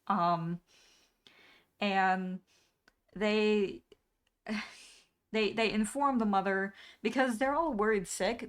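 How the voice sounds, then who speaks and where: A woman's voice: mid-range voice, fairly bright tone, clear, resonant tone. A young adult woman streaming, casually retelling a cartoon episode in a rambling way, full of filler words. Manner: rambling, full of "um" and "like", laughing at the plot. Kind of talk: casual storytelling recap.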